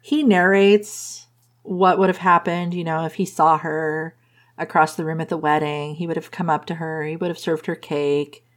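Woman, low voice, casual book recap, giggly, acts out the lines. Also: steady tone, moderate pace. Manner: laughs often, playful quoting of characters. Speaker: book reviewer recapping a romance novel. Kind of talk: casual plot summary.

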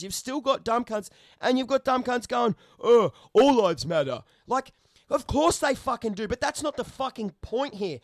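A man's voice: extremely high pitch, a bit bright, no echo. A man ranting heatedly in a casual chat, swearing constantly and getting worked up. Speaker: podcast co-host.

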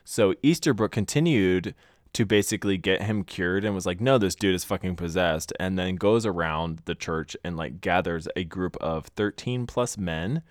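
A young man co-hosting a podcast, telling stories in a crude, animated way and laughing often. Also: deep voice, moderate pace, dry recording, studio quality. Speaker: podcast co-host. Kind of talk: casual storytelling chat.

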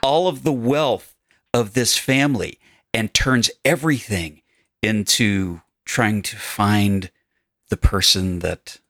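Low gravelly guy on a podcast, bright edgy tone, joking around. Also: slow pace, dry recording, studio quality. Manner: playful, spins a joking story. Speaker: podcast panelist. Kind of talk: casual panel chat.

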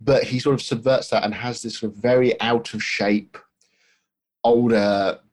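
A man's voice: medium pitch, steady tone, a little slow. A man co-hosting a podcast, talking casually about a film with many restarts and fillers. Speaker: podcast co-host.

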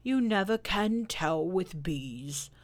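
A woman voicing a gentle, slow, dreamy male teddy bear who hums and ponders as he talks. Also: fairly low pitch, animated. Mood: musing.

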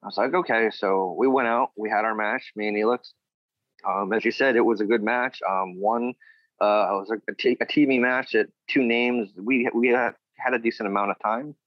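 Low-voiced guy rambling thru old wrestling stories, dry muffled audio. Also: steady tone, moderate pace, no echo. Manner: rambling, acts out quotes of others. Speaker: former wrestler, guest. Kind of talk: casual storytelling interview.

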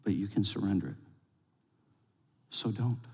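A male pastor delivering a sermon, telling a lively story and then leading a quiet prayer. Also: on the low side, measured pace, gravelly. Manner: storytelling with rising excitement, then hushed prayer. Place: church sanctuary. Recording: long reverb of a large hall.

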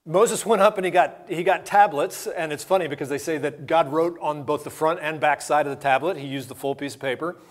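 A man's voice: fairly high pitch, a little fast, hardly any pauses. Man preaching a storytelling sermon. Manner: conversational storytelling with acted-out dialogue. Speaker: pastor.

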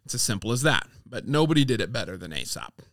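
Lively man reading fables on a podcast. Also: fairly low pitch, fast talker, dry recording, clean studio sound. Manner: playful, reads quoted lines with lively voices. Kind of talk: casual chat and storybook reading.

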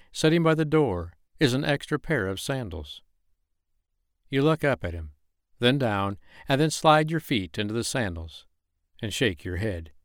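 Low-voiced man narrating an erotic story. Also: no room sound, clean studio sound. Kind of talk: second-person erotic audio story.

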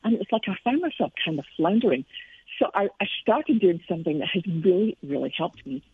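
A middle-aged Christian author and speaker with a Scottish accent, interviewed as a guest, shares personal faith stories earnestly and reflectively. Her breathy voice is on the low side, sing-song and a little fast, heard dry with no echo over a tinny phone line.

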